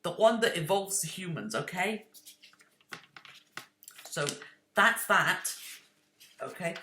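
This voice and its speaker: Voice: medium pitch, expressive, slow pace, bright, forceful tone, reverberant, a little hiss or hum. A video creator talking casually and rambling, correcting themselves and snapping defensively at imagined critics. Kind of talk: casual rambling explanation to camera.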